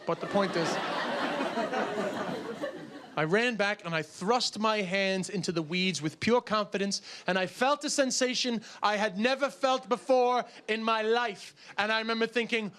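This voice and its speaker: High-pitched guy doing stand-up live, noisy crowd, animated storytelling. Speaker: stand-up comedian. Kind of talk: stand-up comedy. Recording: live club recording with audience noise. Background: audience laughter.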